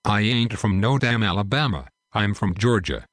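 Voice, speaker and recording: Male reader as a crude drawling Southern GI, deep, for an audio story. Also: moderate pace, a bit bright, dry recording, studio quality. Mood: rough teasing.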